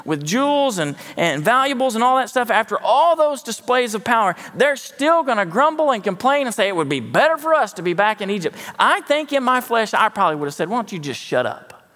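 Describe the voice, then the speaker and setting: A man's voice: extremely high pitch, very animated, brisk, few pauses, pushed and bright, big-room sound. A man preaching a sermon in a folksy, conversational way with joking asides. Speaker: pastor. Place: church sanctuary.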